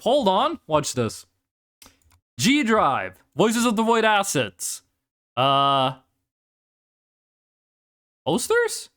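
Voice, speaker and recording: This mid-range voice moves at a measured pace with long pauses as the streamer chats through live gameplay. They swear freely and erupt into excited exclamations, recorded on a desk mic at home.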